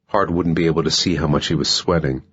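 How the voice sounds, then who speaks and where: A man narrating a thriller audiobook in a measured, even way. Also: rumbling low, breathy edge, highs cut off. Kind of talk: scripted narration.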